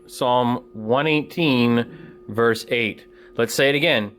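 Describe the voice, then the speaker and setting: A man's voice: mid-range voice, slow pace. Man telling a Bible story to kids. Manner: animated storytelling, casual and plain-spoken. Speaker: children's ministry teacher. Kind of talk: Bible story lesson for children.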